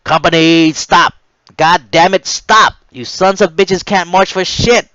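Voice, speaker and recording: A man playing a harsh male navy drill instructor who yells and curses at recruits. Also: high-pitched, steady tone, unhurried, no echo, highs cut off, voice pushed up. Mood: barking orders. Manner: yelling, cursing, barking orders.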